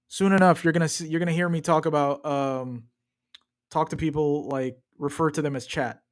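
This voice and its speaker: Young man, casual stream chatter, jokey trash talk, fairly high voice. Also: steady tone, moderate pace. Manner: loose, joking, trash-talking. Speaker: streamer watching a match. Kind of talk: casual live-stream commentary.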